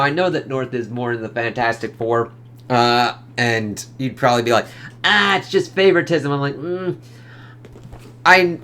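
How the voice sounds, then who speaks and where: A young man reviewing a comic in a casual, rambling way, excitable and swearing freely. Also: medium pitch. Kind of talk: casual review reading panels aloud.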